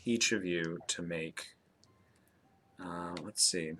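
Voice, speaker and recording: A man narrating as game master, hesitant with fillers and slowing down for dramatic description. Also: low voice, pushed and bright, a little hiss or hum.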